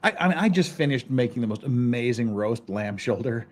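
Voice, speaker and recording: A man's voice: medium pitch, animated, fairly quick. A man talking as a guest in a casual chat, blunt and crude, laughing often.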